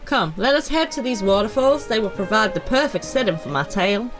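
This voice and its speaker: A woman's voice: mid-range voice, animated, a little fast, over music, pitched above the performer's own voice, close to an everyday voice, rough recording. A woman reading a courtly old-fashioned storyteller. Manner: grand, old-fashioned phrasing, read aloud. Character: formal, courtly storyteller from a far land.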